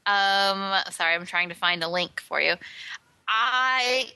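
Woman, podcast co-host, very bright tone, dry sound, hesitant, lots of ums. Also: medium pitch, slow, smooth, no echo. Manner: hesitant, many ums, shrugging asides. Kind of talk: casual chat.

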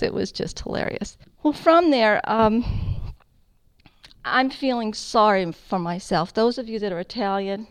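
Middle-aged woman telling her faith story, lively and funny, dry close mic. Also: on the high side, no room sound. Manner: animated storyteller, self-deprecating humor, rising emotion. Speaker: founder of a Catholic radio ministry, giving testimony. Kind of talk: personal testimony talk to an audience.

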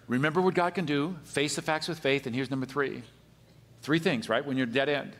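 A man pastor preaching a sermon, animated, swinging between emphatic high peaks and quiet, low asides. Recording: long hall reverb.

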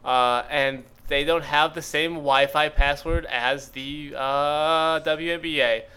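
A man's voice: a little high, steady tone, slow, sharp tone, clean tone. A man co-hosting a comedy podcast, rambling through an improvised story with lots of fillers and quoted character bits. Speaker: podcast co-host.

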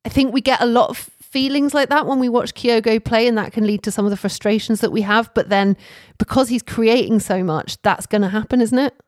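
A woman's voice: a little high, fairly quick, hardly any pauses, darkish tone, no room sound, clean studio sound. Woman hosting a football chat. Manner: chatty, asks questions with light laughs. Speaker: podcast host.

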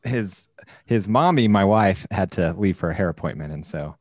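A man's voice: deep voice, animated, moderate pace, no room sound. A man chatting casually on a live podcast, easygoing and chatty. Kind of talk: casual live-stream chat.

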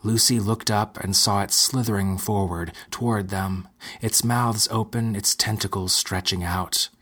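Husky, deep male narrator, measured delivery, dark fiction audiobook. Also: steady tone. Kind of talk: scripted narration.

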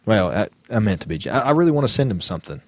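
A man's voice: on the low side, big pitch swings, racing, no echo. A man co-hosting a podcast, chatting casually in a rambling, hesitant way. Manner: rambling, hesitant with many fillers. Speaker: podcast co-host. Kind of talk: casual chat.

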